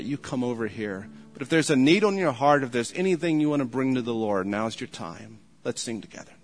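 A man preaching a sermon as pastor, earnest and pleading, slowing down to stress his points. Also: medium pitch. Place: church sanctuary.

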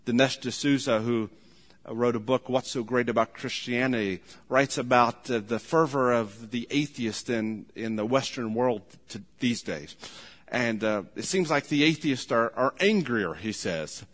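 A man's voice: medium pitch, measured pace, a bit bright. A man preaching a sermon as pastor, earnest and emphatic, often restarting his sentences. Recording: long hall reverb.

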